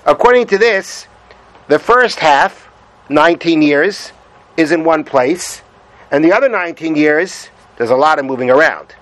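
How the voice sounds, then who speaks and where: A Torah teacher reads Hebrew sources aloud and translates them, explaining patiently and repeating his points. His voice is on the high side, expressive, unhurried and a bit bright, though the audio is poor.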